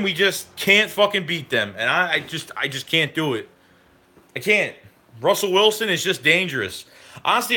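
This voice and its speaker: A man's voice: fairly high pitch, pushed and bright. A man streaming live, talking with chat in a heated, profane rant about football.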